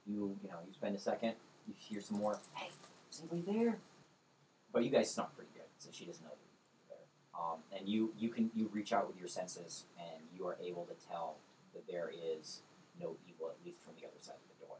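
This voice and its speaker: A man's voice: sits low, fairly even intonation, a little fast, a little mellow, slight background noise, low-quality recording. Casual laid-back game master man. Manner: casual, rambling, laughs easily. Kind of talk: narrating a tabletop game.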